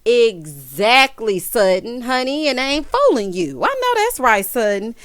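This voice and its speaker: A woman's voice: fairly high pitch, very animated, unhurried, fairly bright tone, no echo. A woman giving a gossipy recap of a reality TV episode, sassy and dramatic, calling viewers "honey" and "child". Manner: dramatic, teasing emphasis.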